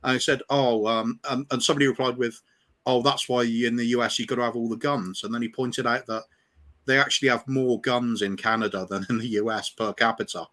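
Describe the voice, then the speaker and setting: A man's voice: medium pitch, fairly even intonation, fairly quick, fairly bright tone. A man in a casual chat, telling a story in a meandering way with hesitant fillers.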